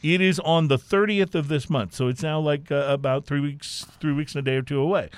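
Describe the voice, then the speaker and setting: A man from Texas co-hosting a casual chat, animated and chatty with plenty of fillers. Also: a little high, fairly quick, clean tone, dry recording. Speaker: co-host.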